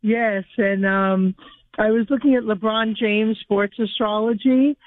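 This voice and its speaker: A woman's voice: medium pitch, fairly even intonation, a little slow, dry recording. Female radio caller on the phone, earnest, wordy, tinny line. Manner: earnest, detailed, with fillers. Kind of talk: phone-in call. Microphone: telephone.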